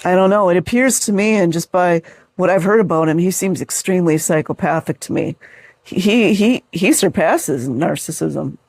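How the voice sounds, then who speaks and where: A man's voice: sits high, normal speed, darkish tone, no room sound. A man hosting a video, reading reviews aloud and adding sarcastic, mocking asides in casual commentary.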